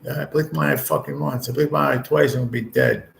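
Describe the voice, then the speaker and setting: A man's voice: medium pitch, big pitch swings, a little fast, vocal fry, a bit bright, a little hiss or hum, rough recording. A man in his late forties hosting a casual livestream chat from a hospital room, talking bluntly and rambling with heavy swearing. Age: 40s. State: ill with stage four cancer. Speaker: livestream host.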